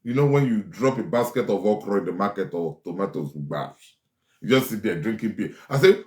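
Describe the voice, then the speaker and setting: In an echoey room, a male relationship-advice host preaches with a lowish, darkish voice that moves fairly quickly in a sing-song lilt. He hammers his points by saying lines again for emphasis.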